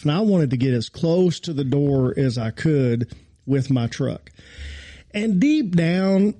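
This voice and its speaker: A man in his role as a pastor tells a personal story in relaxed podcast talk. He is animated and pokes fun at himself. His voice has a mid pitch and a dark, mellow tone. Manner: animated, self-mocking storyteller. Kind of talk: casual storytelling chat.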